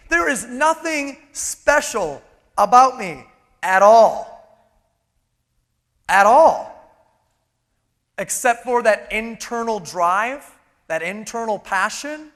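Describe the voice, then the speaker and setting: A man giving a live motivational keynote on stage, energetic and emphatic, throwing out rhetorical questions. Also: extremely high pitch. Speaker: motivational speaker. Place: large event hall on stage. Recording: long reverb of a large hall.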